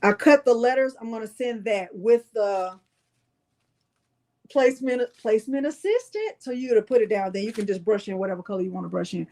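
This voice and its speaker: Lady hosting a live craft stream, chatty, talks a bit high. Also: lively intonation, a little fast. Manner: chatty, warm toward viewers, says "y'all". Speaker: crafting tutorial host.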